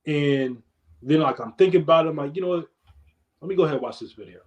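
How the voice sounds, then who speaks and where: A young man, a podcast guest, in casual chat, telling stories in a laid-back, slangy way that trails off quietly. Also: fairly high pitch, quick pace.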